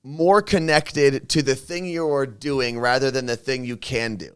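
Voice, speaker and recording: A man's voice: mid-range voice, steady tone, unhurried, a bit bright, clear, resonant tone. Guy cohosting a live stream from a hotel room, dry teasing humor, reads chat questions out. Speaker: co-host.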